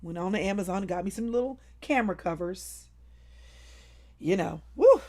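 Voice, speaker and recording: A woman hosting a casual live stream from home, talking to viewers in an animated, playful, over-the-top way. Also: medium pitch, moderate pace.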